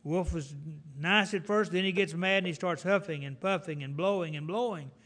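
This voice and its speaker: A middle-aged man preaching a folksy sermon in an animated, storytelling way. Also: sits high, moderate pace.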